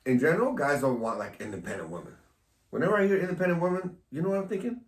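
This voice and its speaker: A man's voice: a little high, sing-song, very fast. Provocative man in an echoey room. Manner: provocative, teasing, laughs often. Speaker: host. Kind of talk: casual podcast chat. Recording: echoey room, mic at a distance.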